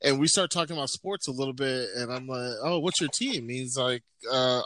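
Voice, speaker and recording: A man in casual chat, telling animated, laughing stories about his family. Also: moderate pace, dry recording. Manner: mimics others in a high voice.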